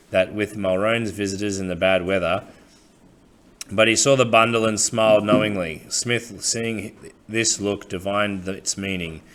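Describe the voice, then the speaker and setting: A man narrating a novel chapter in a measured, unhurried storytelling way. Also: low voice, fairly bright tone. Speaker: audiobook narrator. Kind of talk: scripted narration.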